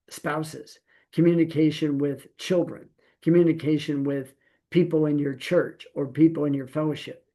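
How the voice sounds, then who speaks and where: A middle-aged man gives a Torah teaching in a relaxed sermon style, talking to his listeners as if face to face. His voice is warm and gravelly, set a little high for a man. He keeps it folksy, with playful asides and one rhetorical question after another. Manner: conversational preaching with rhetorical questions.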